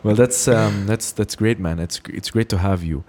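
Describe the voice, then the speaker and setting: A man's voice: lowish voice, moderate pace, a little mellow. A man from Lebanon hosting a casual podcast interview, laughing often and restarting his sentences. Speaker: podcast host.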